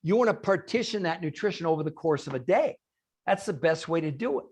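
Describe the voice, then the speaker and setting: A man's voice: a little high, expressive, fairly quick, a little mellow, slightly rough. A man giving an emphatic talk on a video call. He asks rhetorical questions and answers them himself. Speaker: guest speaker on a call. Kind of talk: animated presentation on a group call.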